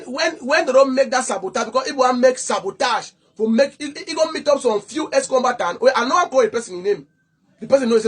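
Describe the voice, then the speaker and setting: Heated husky man in Cameroonian Pidgin. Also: very high-pitched. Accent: Cameroonian Pidgin English. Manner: heated, accusing, stammering repeats. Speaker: activist. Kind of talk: impassioned direct-to-camera talk.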